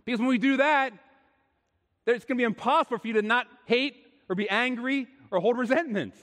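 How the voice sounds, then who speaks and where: A male pastor preaching a sermon with earnest emphasis, shifting between quiet and emphatic. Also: very high voice, a little fast. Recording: long hall reverb.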